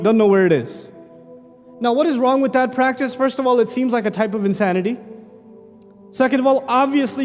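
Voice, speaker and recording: A man giving an animated religious lecture, firing off rhetorical questions with a teasing edge. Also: high voice, in a large hall. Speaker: Islamic lecturer.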